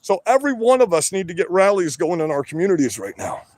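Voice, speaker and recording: Loud, rambling man, dry sound. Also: high-pitched, sing-song, quick pace, dry recording. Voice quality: always sounds like he is yelling. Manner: loud, rambling and profane, with many "you know"s. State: wired on energy drinks. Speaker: livestreamer. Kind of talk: livestream rant. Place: his work shed. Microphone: phone.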